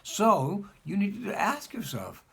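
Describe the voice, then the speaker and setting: A male rabbi teaching a congregation with a husky, slightly breathy voice. His pitch swings up and down as he drives each point home, and he repeats phrases for emphasis. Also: wildly swooping pitch, slow pace. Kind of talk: spoken lesson.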